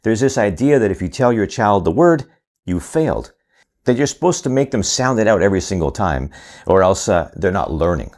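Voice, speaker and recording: A man explaining to parents how to help a child who gets stuck while reading, calmly sounding out words slowly as he demonstrates. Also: lowish voice. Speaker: reading instructor. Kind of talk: instructional talk to parents.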